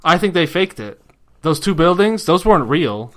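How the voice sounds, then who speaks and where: A man co-hosting a podcast, telling jokey stories in casual chat with a deadpan edge. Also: a little high, normal speed. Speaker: podcast co-host.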